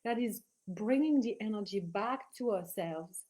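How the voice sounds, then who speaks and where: A woman's voice: mid-range voice, animated, unhurried, mellow. A woman giving an earnest spiritual teaching talk, stressing her points by repeating phrases.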